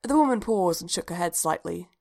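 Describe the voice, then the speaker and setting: A woman reading fan fiction aloud in an even, unhurried storytelling manner. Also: fairly low pitch, gravelly. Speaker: reader.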